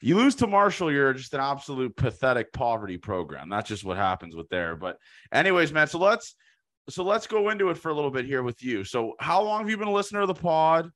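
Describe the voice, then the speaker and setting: Hoarse, animated podcast host. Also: male voice, mid-range voice, fast talker. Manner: excitable, laughing, profane ranting. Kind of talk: casual chat.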